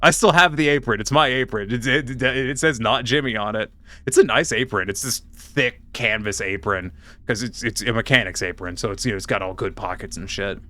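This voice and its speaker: A young man streaming a puzzle game, telling a rambling story with casual swearing and deadpan punchlines. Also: mid-range voice, brisk. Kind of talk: casual live-stream chat while playing.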